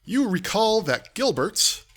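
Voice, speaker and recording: Bright-voiced man narrating a game. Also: sits high, sing-song, slow pace. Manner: reads aloud with offhand asides. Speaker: streamer narrating an AI text adventure. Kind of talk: live-streamed game narration.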